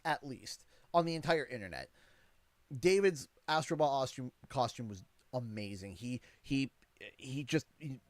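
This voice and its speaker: A man's voice: medium pitch, no room sound. A Canadian man in his thirties tells a story on a casual livestream, and his voice swings widely up and down as he goes. He rambles and restarts his sentences often, and an exasperated edge runs through the telling. The sound is dry and close, with no room around it. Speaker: streamer and father.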